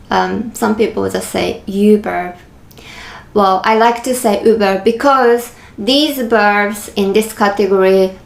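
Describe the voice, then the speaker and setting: A woman's voice: a little high, roomy sound. A woman who is a native Japanese speaker, teaching a beginner lesson online, speaking patiently and repeating each example. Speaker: language teacher.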